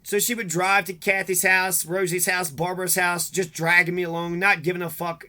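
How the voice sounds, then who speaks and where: A man's voice: sits high, level tone, moderate pace, pushed and bright. A man delivering a rambling, bitter, profane monologue to the camera. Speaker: vlogger.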